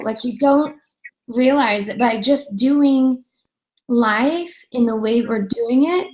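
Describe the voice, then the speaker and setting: A woman hosts an interview show in a chatty, storytelling way. She acts out the people in her anecdotes as she goes. Her voice sits a little high. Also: normal speed, rough recording. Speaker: radio show host. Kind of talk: casual interview chat.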